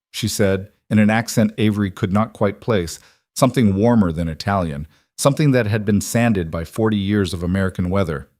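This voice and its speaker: Male narrator, deep-ish, measured, dry studio read. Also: no echo. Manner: measured, even storytelling. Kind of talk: scripted story narration.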